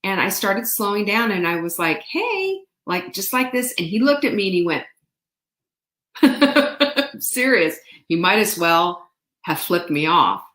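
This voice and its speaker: A woman hosting a show, telling a story in a chatty, animated way with playful asides. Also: fairly low pitch, moderate pace. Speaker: show host. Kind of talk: casual storytelling monologue. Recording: roomy echo.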